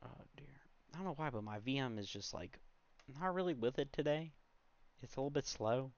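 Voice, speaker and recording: A tutorial host in his twenties talks briskly at a medium pitch, with no echo, through a casual, rambling screen recording full of fillers and side remarks. The home recording is dry and slightly dull.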